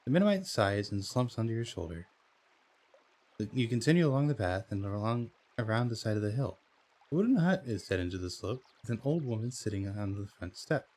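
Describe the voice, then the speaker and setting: A man's voice: fairly low pitch, animated, fairly quick, darkish tone. A man playing a text adventure game, reading the story aloud and chatting about his choices. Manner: reads story text, then chats about choices with fillers and laughs. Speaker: game streamer.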